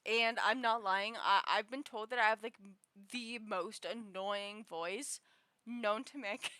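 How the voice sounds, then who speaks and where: A young woman streamer chatting casually with viewers in a high, girlish voice, rambling and giggling with frequent restarts. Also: steady tone, a little slow, bright, forceful tone, no room sound, clean studio sound. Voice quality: high, girlish voice others have called annoying.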